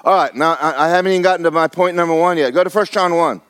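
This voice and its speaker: A man's voice: a little high, fast talker, a bit bright, clean tone. A man preaching a sermon, folksy and fiery, repeating phrases for emphasis. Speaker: pastor.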